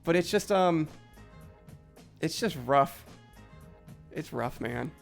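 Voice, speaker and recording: A young man with a high voice, chatting casually on a live stream. He rants with frustration, swears often and fills his talk with "like". Faint music plays under him. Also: lively intonation, slow pace, gravelly. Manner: frustrated ranting, heavy swearing, many "like" fillers. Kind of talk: casual live-stream chat while gaming.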